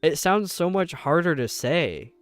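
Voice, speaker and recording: A young man with a New York accent chatting casually with viewers while streaming, rambling and sounding out words slowly. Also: fairly high pitch, animated, no room sound. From upstate New York. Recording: dry close mic with faint game music.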